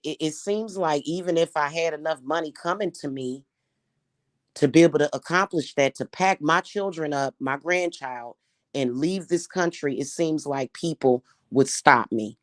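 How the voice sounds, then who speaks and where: Low-voiced middle-aged woman in a heated rant. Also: no echo, studio quality. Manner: heated, profane and repetitive, with frequent restarts. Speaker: spiritual reader and spellwork vlogger. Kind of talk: unscripted angry rant to camera.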